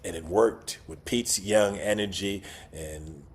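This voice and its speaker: A man's voice: low voice, slow pace, a little hiss or hum. A man in his sixties, a guest actor in a casual interview, talking in a laid-back way with chuckles and repeated phrases. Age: 60s.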